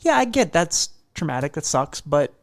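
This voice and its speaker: A man's voice: fairly high pitch, sing-song, normal speed, no echo, clean studio sound. Sarcastic man hosting a casual chat. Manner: sarcastic, swears freely. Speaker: podcast host.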